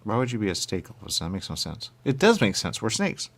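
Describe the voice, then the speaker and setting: A man's voice: huge pitch swings, quick pace, a bit bright, slightly rough. A man in absurd comedic banter, arguing in goofy circles. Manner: goofy, circular arguing with big pitch jumps.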